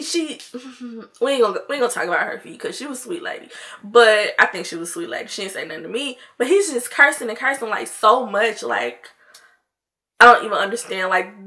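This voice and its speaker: A woman's voice: on the high side, pushed and bright. A woman vlogger telling a story in casual chat, with laughing asides to her viewers.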